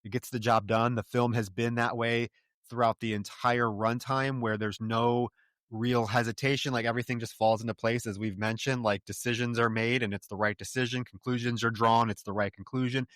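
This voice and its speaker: A man's voice: mid-range voice, flat delivery, a little fast, a bit bright, dry recording, clean studio sound. A man co-hosting a podcast, talking through a film in a brash, profane and incredulous way. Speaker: podcast co-host. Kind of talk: casual film commentary chat.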